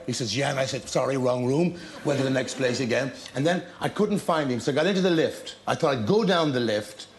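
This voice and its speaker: A man's voice: on the high side, a little hiss or hum. Laughing man spinning a story. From Ireland. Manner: storytelling with laughter, acting out scenes. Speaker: talk show guest. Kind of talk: animated anecdote telling.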